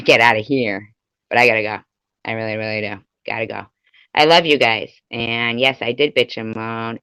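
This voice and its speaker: A man's voice: medium pitch, creaky, pushed and bright, smooth, no echo. Profane rambling man on a dull stream. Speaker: live streamer. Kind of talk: ranting live stream chat. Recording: dull lo-fi live stream audio.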